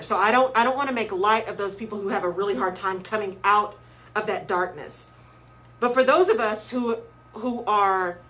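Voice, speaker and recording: Radio host, woman, emphatic motivational talker, slightly high voice, repeats lines for punch. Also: fairly bright tone, a little hiss or hum, poor audio. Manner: emphatic, repeats key phrases like a preacher; greets listeners by name mid-talk. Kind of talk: live radio talk, motivational.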